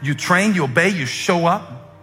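A preacher lends his voice to the Lord, calm and practical, handing out plain orders in a bright, forceful male voice. It echoes through a long hall with faint music behind. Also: on the high side, moderate pace, voice pushed up. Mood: reassuring. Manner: plain, matter-of-fact commands.

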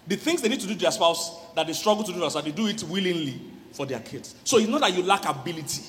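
A middle-aged man, a relationship coach giving a lively church sermon on marriage, often laughing and acting out voices. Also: high-pitched, fast, long reverb tail, a little hiss or hum. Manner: animated, laughing, acts out quoted voices.

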